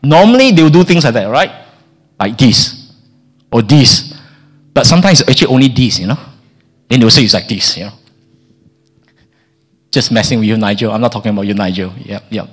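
A man preaching a sermon in a lively way. He often stammers and repeats words, and he acts out the people in the story. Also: mid-range voice, brisk, pauses often, breathy edge, faint music behind.

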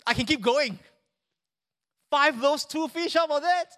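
A man preaching a sermon in church, animated and joking with the congregation. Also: very high-pitched, measured pace. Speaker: pastor.

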